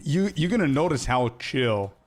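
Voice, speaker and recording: A man's voice: medium pitch, sing-song, moderate pace. A man streaming a game, chatting casually with viewers in a laid-back, slangy way and laughing often.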